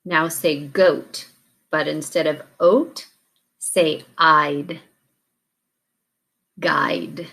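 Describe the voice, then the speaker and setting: Woman teacher for a recorded phonics drill, low voice, very slow and deliberate, pauses between prompts. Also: fairly even intonation, vocal fry, a bit bright. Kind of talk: recorded classroom warm-up drill.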